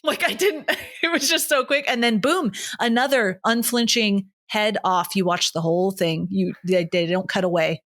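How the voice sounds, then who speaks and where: A woman in her thirties co-hosting a horror movie podcast in casual chat, animated and swearing, acting out characters' lines with big jumps in her voice. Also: mid-range voice, moderate pace. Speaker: podcast co-host.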